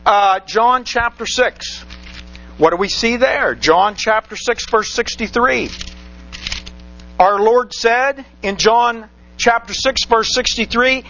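Male preacher, very high voice, rhetorical and repetitive; dull lo-fi sermon recording. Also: slow pace, sharp tone. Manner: rhetorical questions, repeats phrases for emphasis. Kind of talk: sermon with scripture reading.

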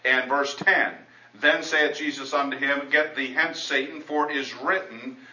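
A man's voice: medium pitch, steady tone, a little slow, bright, forceful tone. A man preaching a sermon and teaching from the Bible in a conversational way, breaking off to restart and reading scripture aloud. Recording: roomy, dull sound from a distant mic.

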